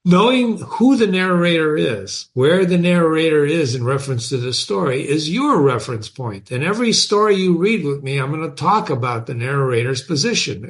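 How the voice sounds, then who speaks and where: A man hosting a book lesson, explaining in an animated way and asking his listeners many rhetorical questions. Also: fairly high pitch. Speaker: literature teacher and host.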